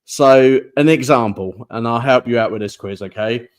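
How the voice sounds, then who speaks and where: Man, podcast host, casual chat, playful, laughing, middle pitch. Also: normal speed. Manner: chatty, laughing, mimics accents.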